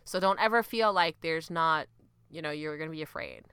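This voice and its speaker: A woman's voice: sits low, normal speed, clean tone, dry recording. A young woman hosting a podcast, chatting casually and laughing often as she tells food stories. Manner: lively, laughing, mimics her mom's voice. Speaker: podcast host.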